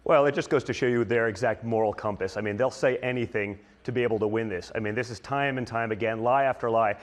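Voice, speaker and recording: A man speaking indignantly in a political talk clip, firing off one accusation after another. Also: medium pitch. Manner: indignant, rapid-fire accusations.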